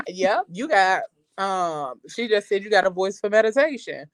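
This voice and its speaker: A woman talking loudly and energetically in a casual podcast chat, full of slang and laughter. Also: moderate pace, dry recording. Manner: loud, high-energy and animated. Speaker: podcast guest.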